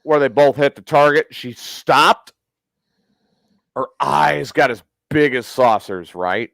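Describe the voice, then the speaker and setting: A man's voice: mid-range voice, slow pace, vocal fry, a bit bright, dry recording. A man hosting a casual podcast, telling a long profane story and acting out the quotes. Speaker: podcast host.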